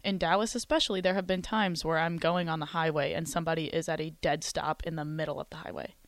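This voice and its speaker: A woman's voice: sits low, steady tone, fast talker, no room sound. A young woman from Texas with a light Southern twang, co-hosting a radio show in casual, chatty talk. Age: young adult. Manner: chatty, laughs often. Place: radio studio. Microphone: studio microphone.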